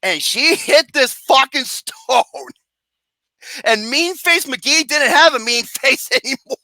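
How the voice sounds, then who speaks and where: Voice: high-pitched, slow pace, sharp tone, no room sound. A movie reviewer ranting about a film in a comedic, profane way, mocking and sarcastic, swearing constantly and breaking into laughter.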